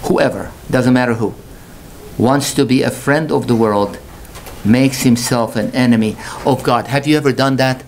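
A male pastor delivering a sermon, questioning his congregation and rising to slow, emphatic peaks. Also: slight background noise. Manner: impassioned, swells to high emphatic peaks, slow drawn-out stresses; calls out rhetorical questions to the congregation.

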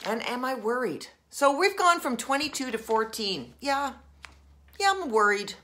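Female life coach, bright and forceful tone, expressive demo of moods from whisper to rage. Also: on the high side, unhurried, a little hiss or hum. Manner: expressive, swings from soft whispers to raging. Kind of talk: coaching video, acting out emotions.

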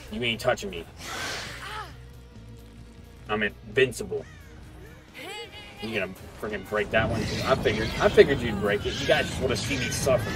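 A man giving casual gameplay commentary as a streamer, taunting and joking at the other players. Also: mid-range voice. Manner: trash-talking, taunting and joking at opponents. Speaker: gaming streamer. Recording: game music playing under the voice. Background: game music.

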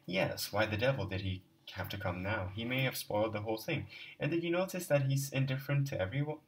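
A man voicing a calm male doctor who speaks in a measured, insistent way. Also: mid-range voice, distant mic, slight background noise, close to an everyday voice. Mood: concerned.

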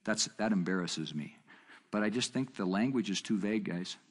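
A middle-aged man teaching a marriage seminar in a conversational way, telling a story with quoted dialogue and jumping up in pitch for emphasis. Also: moderate pace. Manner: animated, jumps up in pitch for emphasis.

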